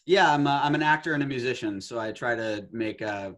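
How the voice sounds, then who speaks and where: A man's voice: mid-range voice, a little fast, fairly bright tone. A man in his twenties, a guest musician and actor, chatting in an easygoing way and laughing often. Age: 20s. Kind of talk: casual interview chat.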